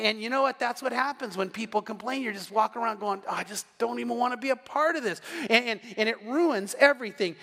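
Animated high-voiced male preacher. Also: long reverb tail. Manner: conversational, animated preaching with acted-out quotes. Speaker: pastor. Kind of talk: sermon.

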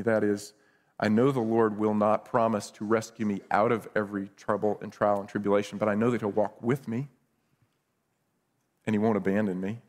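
A man's voice: fairly low pitch, level tone, normal speed, darkish tone. A man preaching a sermon as pastor, earnest and conversational, often repeating words as he goes.

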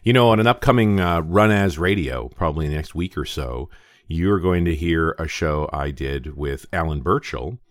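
A man's voice: extremely low pitch, normal speed, dry recording, clean studio sound. A man co-hosting a tech podcast in casual chat, reading listener mail aloud. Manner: animated, reads listener email aloud. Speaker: co-host.

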